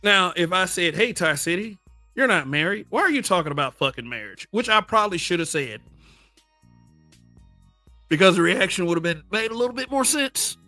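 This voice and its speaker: A man's voice: high-pitched, expressive, moderate pace, bright, forceful tone, dry recording, faint music behind. A middle-aged man from the American South with a Southern accent, hosting a livestream and talking bluntly and profanely in casual commentary, laughing often and answering his chat. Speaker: livestream host.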